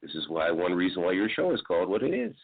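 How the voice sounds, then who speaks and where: Deep-voiced man on a tinny line. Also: sing-song, quick pace, creaky. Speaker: guest and blogger. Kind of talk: casual chat.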